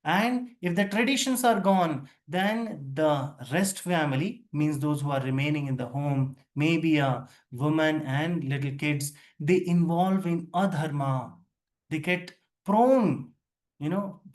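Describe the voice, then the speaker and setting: A man with an Indian English accent teaching a scripture class, talking conversationally, questioning his listeners and dropping in Hindi words. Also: on the high side.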